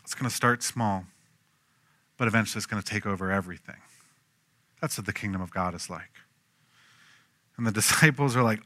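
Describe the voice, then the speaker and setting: Man, pastor, sermon, bright tone, dry close sound, animated storytelling. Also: medium pitch, normal speed, pauses often, no room sound. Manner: animated storytelling, acting out quoted voices, swinging from hushed to loud.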